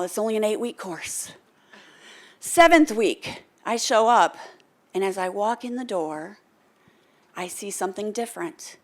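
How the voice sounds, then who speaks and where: A motivational speaker from the US, using a mid-range voice, gives a keynote speech on stage in front of a live audience. Full of animation, she recounts a story, acts out what its characters said, and calls for answers from the audience.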